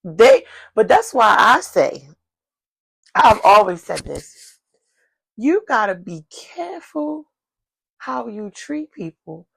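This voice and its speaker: A woman co-hosting a podcast, chatting casually. Her voice sits fairly high with a gravelly edge, and she talks in an animated, exclamatory way while handing out advice. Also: takes it slowly, long pauses. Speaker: podcast co-host. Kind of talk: casual chat.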